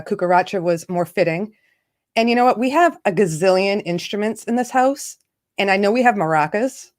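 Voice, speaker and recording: A woman hosting a casual livestream, greeting viewers by name and laughing often. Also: mid-range voice. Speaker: livestream host. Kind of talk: casual live chat.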